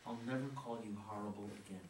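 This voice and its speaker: A man playing a flustered but loving father in a community play reading, fumbling for words and then soft and soothing, recorded from a distance in a roomy space. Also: on the low side, fairly even intonation, fast, natural voice. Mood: tender. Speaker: actor in a community reader's theater. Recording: roomy, distant mic with faint noise.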